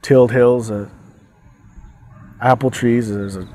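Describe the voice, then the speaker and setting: A man speaking as an abuse survivor, giving a personal testimony in a halting, hesitant way with frequent pauses and restarts. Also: medium pitch, steady tone, mellow. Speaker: abuse survivor telling his story.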